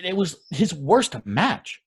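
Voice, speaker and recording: A man's voice: sits high, very animated, takes it slowly, breathy edge. Heated, profane young man ranting. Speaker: podcast co-host. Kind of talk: casual ranting chat.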